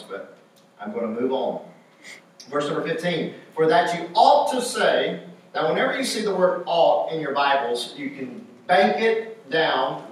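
A man's voice: medium pitch, heavy reverb, far from the mic, poor audio. A man preaching a sermon with emphasis, repeating his key phrases.

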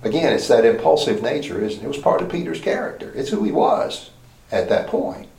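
A man's voice: a little high, very animated, fairly quick, vocal fry, darkish tone, a little hiss or hum. A man preaching a Bible lesson in a conversational way, asking rhetorical questions and often restarting his sentences. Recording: roomy echoey hall.

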